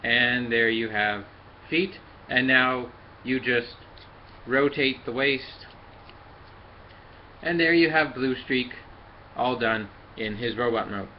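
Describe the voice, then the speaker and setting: Halting man demonstrating a toy, muffled recording. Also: mid-range voice, a little hiss or hum. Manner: halting, many fillers, talks while handling the toy. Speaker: toy reviewer. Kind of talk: casual hands-on review and demonstration.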